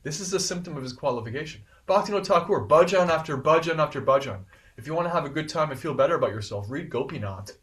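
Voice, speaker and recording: A man giving a devotional scripture class in an earnest, animated way, repeating phrases for emphasis. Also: a little high, fast talker, far from the mic.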